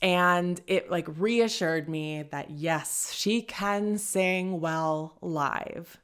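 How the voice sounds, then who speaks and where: A woman's voice: on the low side, drawn-out words, a bit bright, clear, resonant tone. A woman hosting a casual commentary show, chatty and hedging, often laughing as she talks. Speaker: podcast host.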